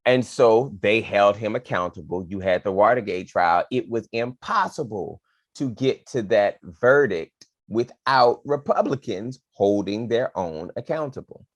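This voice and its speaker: A man's voice: on the low side, expressive, unhurried, no room sound, dull audio. A man co-hosting a podcast, casually and animatedly talking politics with playful asides to his co-host.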